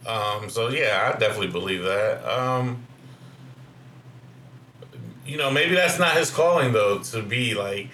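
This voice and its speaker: A man with a bright, sharp-edged voice weighs his words in a casual discussion, hesitating often. His voice sounds roomy and echoey, with faint noise behind it. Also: mid-range voice, unhurried, long pauses. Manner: hesitant, thoughtful, many "um"s.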